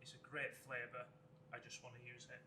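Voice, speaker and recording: A man, a chef, talking through a cooking demonstration step by step in a relaxed way. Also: medium pitch, brisk, echoey room, a little hiss or hum. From Wales.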